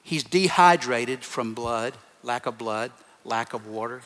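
Unhurried and fairly bright at medium pitch, a pastor preaches to his congregation with strong emphasis, piling up brief repeated phrases. The sound carries the long reverb of a big hall.

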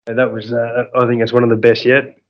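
Australian man, podcast guest, fishing guide, relaxed and halting, dull lo-fi remote sound. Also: medium pitch. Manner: relaxed, hesitant, many fillers. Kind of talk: casual podcast interview.

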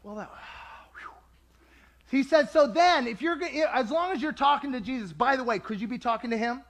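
A man preaching a sermon to a congregation in a lively, conversational way, acting out quoted voices. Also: very high-pitched, normal speed.

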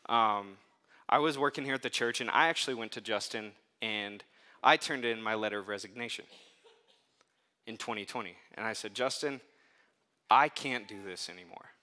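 Bright, forceful conversational male preacher. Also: medium pitch, normal speed. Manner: conversational, animated storytelling with casual asides. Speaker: pastor. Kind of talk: sermon.

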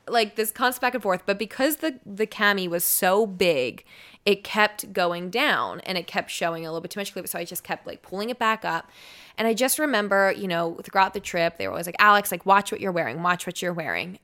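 A woman's voice: medium pitch, a bit bright. A woman in her twenties, a radio personality guesting on a podcast, telling a personal story in a chatty way full of "like" and "um". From United States. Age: 20s. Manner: chatty, filler-heavy with frequent "like" and "um". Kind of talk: casual chat, personal storytelling.

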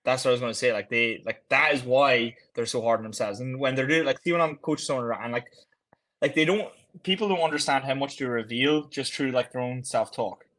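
A man's voice: mid-range voice, brisk, fairly bright tone. A man co-hosting a casual fitness chat, blunt and frank about how clients move. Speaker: fitness coach, podcast co-host.

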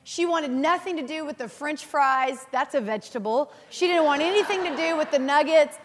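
A woman in her thirties preaching a sermon, earnest and animated, telling personal stories and laughing at herself. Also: high voice, moderate pace, slight background noise. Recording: reverberant hall.

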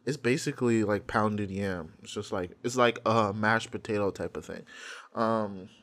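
A young male co-host talks in an easy, unscripted way. His speech is loose and heavy with profanity, with a laugh never far off. He explains things with a relaxed shrug. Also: lowish voice, moderate pace. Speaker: podcast co-host. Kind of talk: casual chat reacting to music videos.

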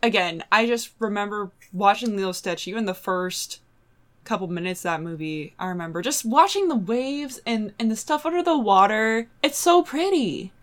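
A woman hosting a casual pop-culture podcast, animated and emphatic, often trailing off mid-sentence. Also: mid-range voice, moderate pace. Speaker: podcast host reading news.

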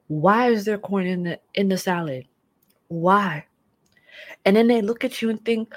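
A young woman vlogging, telling a story in a casual, dramatic and animated way with lots of slang. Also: mid-range voice, normal speed, no echo. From United States.

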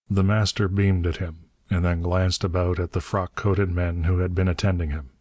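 A man narrating an adventure audiobook in a measured, steady reading. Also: low-pitched, no room sound.

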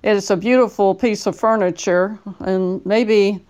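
A woman co-hosting a casual talk show, teasing and quick to react. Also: mid-range voice, fairly even intonation, a little mellow, clean tone. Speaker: co-host. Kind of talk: casual podcast chat.

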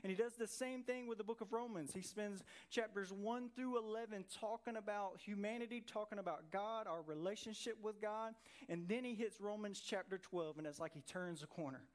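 A middle-aged man preaching a conversational sermon as pastor, animated and full of rhetorical questions. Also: high-pitched, brisk. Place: church sanctuary.

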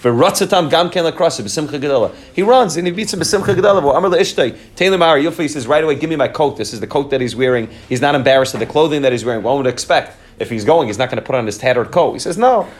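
A man teaching a story with commentary as a Torah teacher, animated, repeating words and phrases, and mixing in Hebrew and Yiddish terms. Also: fairly high pitch, fast, hardly any pauses.

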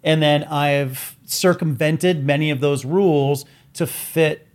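A man's voice: a little high, fairly even intonation, slow pace. Chatty man telling stories. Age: 40s. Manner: chatty storyteller, laughs at his own jokes. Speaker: podcast co-host. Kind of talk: casual chat.

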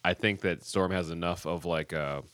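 A man's voice: low voice, steady tone, normal speed, fairly bright tone, smooth, no room sound, clean studio sound. A man hosting a podcast in casual chat, rambling with many fillers and restarts. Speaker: podcast host.

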